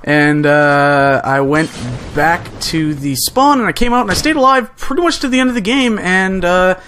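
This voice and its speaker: Young man, slightly high voice, excitable, rambling, lots of ums and uhs, casual storytelling. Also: moderate pace, slight background noise. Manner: excitable, rambling, many fillers. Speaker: gaming channel host.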